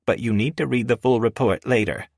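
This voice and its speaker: A man's voice: medium pitch, gravelly, dry recording, clean studio sound, voice pushed up. A man voicing a firm, professional female assistant on the phone in an audiobook. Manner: brisk, businesslike.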